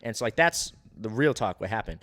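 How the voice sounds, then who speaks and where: A comedian guest on a podcast, telling a wild road story in casual chat and acting out the quotes. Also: male voice, on the low side. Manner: rapid, animated retelling with acted-out quotes.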